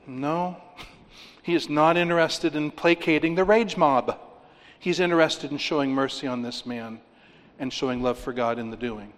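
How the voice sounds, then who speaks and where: Guy preaching a sermon, kinda high voice, gets loud then goes real quiet, big echoey hall. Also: normal speed. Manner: emphatic preaching, rising on key points, drops low and quiet to stress. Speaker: pastor.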